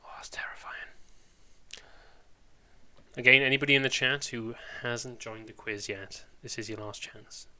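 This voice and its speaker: A man's voice: medium pitch, steady tone, moderate pace, hardly any pauses, bright, forceful tone. A man with a Welsh accent, chatting casually and rambling on a live stream, full of British slang.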